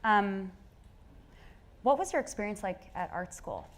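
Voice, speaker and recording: A woman's voice: mid-range voice, animated, unhurried, slight background noise. A woman interviewer on a live talk stage, enthusiastic and affirming. She asks several questions in a row in a casual, conversational way.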